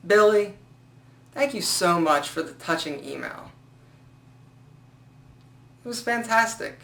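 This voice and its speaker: A man's voice: high voice, takes it slowly, pauses often. A man giving casual style advice in a joking, sarcastic vlog. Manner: joking, sarcastic, animated asides. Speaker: style vlogger. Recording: echoey room.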